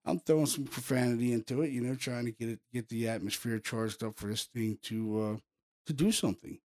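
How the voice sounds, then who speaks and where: A man casually recounting a paranormal investigation, animated and full of "you know" and "boom". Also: fairly quick. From Pennsylvania, US. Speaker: paranormal investigator telling a case story. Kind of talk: casual storytelling.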